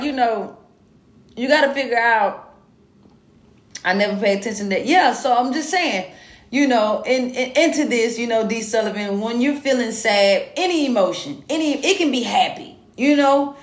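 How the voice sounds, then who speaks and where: A woman's voice: a little high, normal speed, reverberant. A woman hosting a podcast, talking frankly and with a lot of swearing, checking in with her listeners over and over. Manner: frank, animated, keeps saying "you know what I'm saying". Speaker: podcast host. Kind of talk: casual profane monologue.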